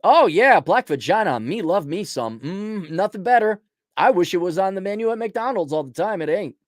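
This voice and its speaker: A man's voice: high-pitched, expressive, normal speed, dry recording, studio quality, pitched above the performer's own voice. A man voicing a fawning, mock-worshipful guy in a raised, gushing voice to mock him. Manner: exaggerated, gushing, mocking.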